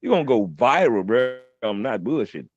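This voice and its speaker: A man's voice: medium pitch, sing-song, a little fast, darkish tone. A man in casual, profane banter, laughing often and hyping up a friend. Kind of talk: casual chat. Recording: dull, lo-fi sound.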